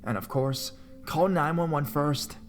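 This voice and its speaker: A man reading a horror story aloud in a dramatic style, his voice climbing higher and louder at the tense moments. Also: measured pace, music in the background. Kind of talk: scripted horror story narration.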